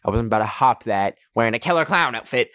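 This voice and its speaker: A man's voice: medium pitch, fast, dry recording, studio quality. A young man from Canada hosting a podcast, telling a casual story with lots of "like" and acted-out quotes. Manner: animated, heavy use of "like", acts out quotes in raised voices. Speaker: podcast host.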